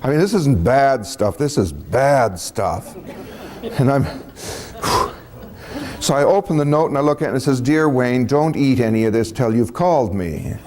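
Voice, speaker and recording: A man's voice: medium pitch, lively intonation, normal speed, a little mellow. Folksy chuckling man telling a story. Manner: folksy, chuckling, acts out dialogue. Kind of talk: casual spoken storytelling.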